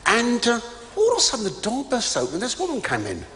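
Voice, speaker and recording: A man's voice: very high voice, wildly swooping pitch, quick pace, pushed and bright, a little hiss or hum. An older man doing live stand-up comedy, chatty and stammering, with exclamatory asides to a student audience. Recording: reverberant hall with audience.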